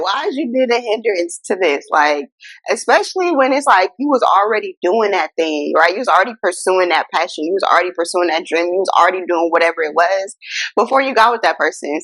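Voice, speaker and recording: A woman hosting a casual self-help talk. She speaks in an animated, incredulous way, addresses viewers as y'all, and. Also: medium pitch, no echo. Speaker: host.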